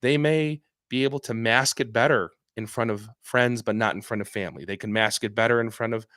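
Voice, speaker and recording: A man's voice: medium pitch, fairly even intonation, a little fast, a bit bright, no room sound, clean studio sound. A man hosting a casual live stream as a doctor, talking earnestly and with emphasis, often repeating and restarting his phrases. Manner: acts out patient voices in quotes. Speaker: psychiatrist host answering viewer questions.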